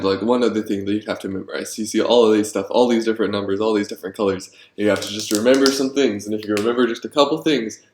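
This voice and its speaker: A man designing board games and thinking aloud, rambling and getting excited about his ideas, with many ums. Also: lowish voice, a little hiss or hum. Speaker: board game designer vlogger. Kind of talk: thinking aloud while brainstorming. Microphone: handheld camera. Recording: echoey room.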